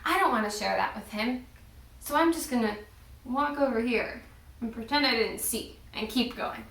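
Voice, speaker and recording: Lady doing a fussy self-centered guy, whiny and high, echoey and far away. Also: lively intonation, moderate pace, gravelly, sharp tone, heavily acted. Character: fussy vain man worried about his outfit and lunch.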